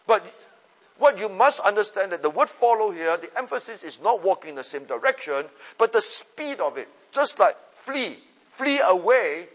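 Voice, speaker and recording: A man preaching a sermon to young people, emphatic and repetitive, with his voice swinging from loud to soft. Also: high voice, breathy edge, big-room sound, poor audio.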